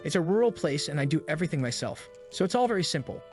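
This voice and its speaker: A man voicing a modest, easygoing young male hero who talks in a relaxed, humble way in a story recap. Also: on the high side, quick pace, soft background music.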